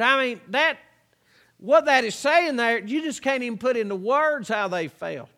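A man preaching a sermon, drawing out scripture verses slowly and adding folksy asides. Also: extremely high pitch, animated, sharp tone. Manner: slow drawn-out scripture reading, folksy asides. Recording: long hall reverb.

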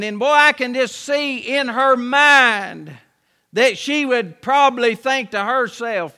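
A man's voice: very high-pitched, slow pace, sharp tone, clear, resonant tone. A man preaching a sermon as pastor, telling a Bible story in a folksy way with many rhetorical questions, in a church. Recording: long hall reverb.

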